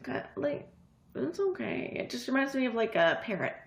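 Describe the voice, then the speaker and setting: A woman's voice: a little high, big pitch swings, normal speed, creaky. A woman co-hosting a casual livestream, chatting and teasing playfully. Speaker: livestream co-host. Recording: echoey room.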